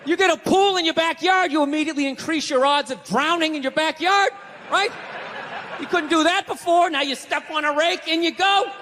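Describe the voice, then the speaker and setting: A man's voice: extremely high pitch, fairly quick. A male stand-up comedian ranting in an exasperated, profane way during a live set. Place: comedy venue stage. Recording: stage mic with long hall reverb, faint room noise.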